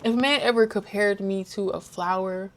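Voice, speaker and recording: A woman's voice: mid-range voice, moderate pace, slight background noise. A young woman vlogger chatting casually, retelling a book's plot and acting out the characters' lines. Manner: animated storytelling, acts out characters' lines. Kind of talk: casual chat recapping a book.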